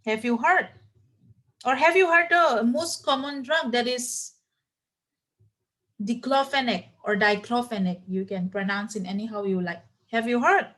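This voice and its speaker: A woman with a somewhat high voice teaching a class. She spells out terms letter by letter and stops often to quiz her students. Her talk is full of "uh" and "like", and she often repeats herself. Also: normal speed, a bit bright. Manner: many fillers like "uh" and "like". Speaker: nursing teacher. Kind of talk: classroom lecture.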